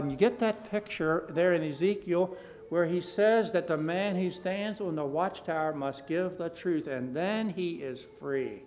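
Male preacher, slightly high voice; reads scripture aloud, then preaches with big swings between quiet asides and loud repeated emphasis. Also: measured pace. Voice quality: King James scripture read aloud in a rising, forceful cadence. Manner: shifts from soft, low asides to loud, emphatic declamation with repeated phrases. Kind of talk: sermon with scripture reading.

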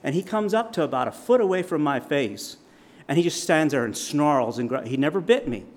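A man preaching, telling a vivid personal story as a sermon illustration, with dramatic swings in loudness. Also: a little high, animated, brisk.

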